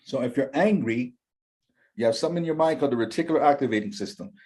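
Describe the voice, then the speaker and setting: Lively, emphatic man giving motivational talk. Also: mid-range voice, fast talker, husky. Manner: acts out quoted voices, lively and emphatic. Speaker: interview guest, empowerment coach.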